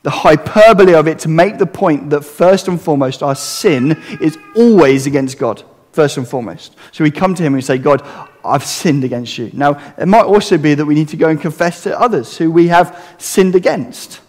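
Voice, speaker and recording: A man's voice: on the high side, a little fast, hardly any pauses, darkish tone. Earnest preacher man in a reverberant hall. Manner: earnest, conversational preaching with rhetorical questions. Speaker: pastor. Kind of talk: sermon.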